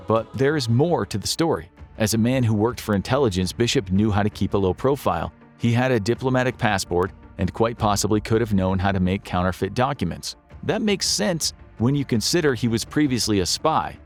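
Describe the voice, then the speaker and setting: A man reading scripted documentary narration in a measured, even storytelling manner. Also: on the low side.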